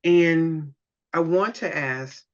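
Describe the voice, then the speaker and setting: A woman hosting a podcast interview, answering her guest in a measured, thoughtful way. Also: low voice. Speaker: podcast host. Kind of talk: interview conversation. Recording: dull lo-fi sound.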